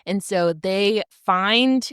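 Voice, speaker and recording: A woman co-hosting a podcast speaks very slowly in a smooth, fairly bright voice of medium pitch. She chats casually and with enthusiasm, using many filler words. The audio is studio quality with no echo.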